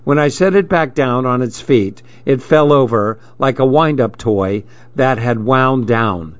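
A man narrating a story in a measured, steady reading voice, in a dull lo-fi recording. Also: mid-range voice, no echo.

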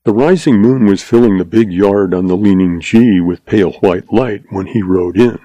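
A man narrating a western audiobook in a steady storytelling voice. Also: fairly low pitch, moderate pace, no echo, rough recording.

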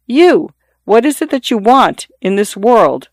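Man voicing an older husband, coaxing, questioning, raised pitch. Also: sing-song, a little slow, no room sound, clean studio sound, full character voice. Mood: probing. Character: older husband, teasing, probing.

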